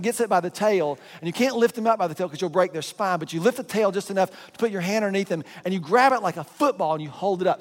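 A man preaching a sermon as a pastor, telling a story with animation and acting out voices. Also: high-pitched. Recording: long hall reverb.

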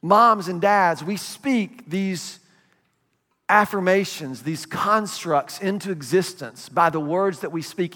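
A man preaches to his congregation in a loose, conversational sermon, often checking in with questions. His voice sits high for a man. The sound carries the long reverb of a big church hall. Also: unhurried, sharp tone. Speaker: pastor.

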